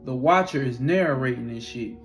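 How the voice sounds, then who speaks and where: A man casually telling a spiritual experience story in a profane, animated way. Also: medium pitch, normal speed, soft background music.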